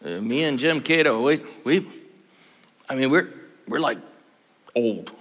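A man's voice: mid-range voice, lively intonation, unhurried, a bit bright. A man in his sixties preaching a conference sermon, telling stories animatedly and with humor. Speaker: pastor. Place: large conference hall. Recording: long hall reverb.

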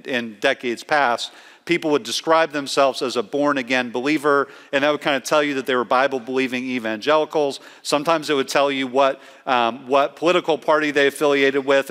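A pastor preaches a sermon with earnest emphasis, slowing down to lean on key words. His voice sits on the high side with a fairly bright tone, and the sound carries the feel of a big room.

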